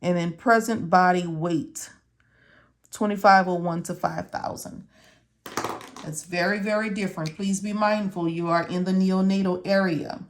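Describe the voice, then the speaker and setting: This instructor's voice is on the low side, fairly even in intonation, and a little slow. She leads students through medical coding notes in a casual, step-by-step way, often pausing to ask "okay?" or "all right?"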